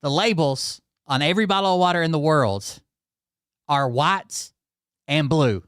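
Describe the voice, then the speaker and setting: A man's voice: a little high, a little slow, fairly bright tone, smooth, no echo, clean studio sound. Profane, exasperated male vlogger. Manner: exasperated, swears often, addresses viewers directly. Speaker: channel host. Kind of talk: casual profane rant to viewers.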